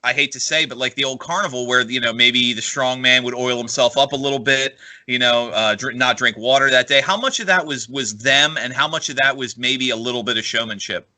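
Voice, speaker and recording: A man's voice: mid-range voice, fairly quick, few pauses, pushed and bright. A male podcast host who asks wandering, hedging questions in a casual chat.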